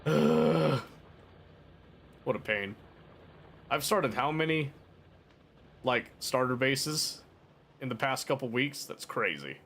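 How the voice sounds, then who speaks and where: A man's voice: mid-range voice, animated, takes it slowly, creaky, pauses often, a bit bright, a little hiss or hum. A man streaming a game, chatting casually with his viewers in a playful, teasing and mock-dramatic way. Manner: rambling, talks to chat. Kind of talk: casual live-stream chat while gaming.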